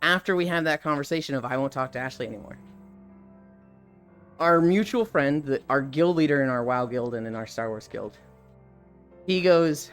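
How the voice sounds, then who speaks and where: A man's voice: mid-range voice, normal speed, pauses often, a bit bright, clear, resonant tone, soft background music. A man in his thirties, a streamer telling a story in casual talk, swearing freely and acting out the people he quotes.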